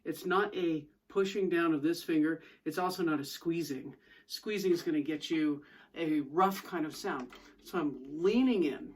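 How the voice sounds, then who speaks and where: A woman's voice: low-pitched, moderate pace. A woman fiddle teacher explaining bowing techniques step by step in an instructional lesson, with fiddle playing between her explanations.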